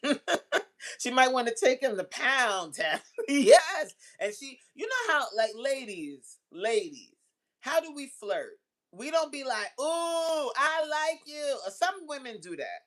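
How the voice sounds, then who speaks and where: Blunt, animated woman host chatting. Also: fairly high pitch, measured pace. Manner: animated, blunt and profane, laughs often; acts out quoted voices while telling stories. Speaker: host answering chat messages. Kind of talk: casual livestream chat.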